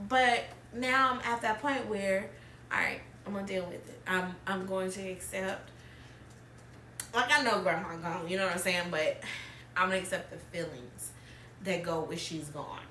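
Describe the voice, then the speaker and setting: A woman's voice: medium pitch, normal speed, sharp tone, slight background noise. Candid woman in an echoey room. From Alabama. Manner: candid, wavers between tears and laughter. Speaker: podcast host. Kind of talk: emotional personal conversation. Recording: echoey room, mic at a distance.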